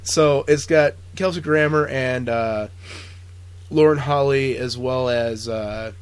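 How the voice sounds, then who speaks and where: A male podcast host talking casually about movies, mid-pitched and chatty. He rambles with plenty of fillers and swearing. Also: slow pace, clear, resonant tone, no echo. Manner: rambling, profane, lots of fillers. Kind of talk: casual chat.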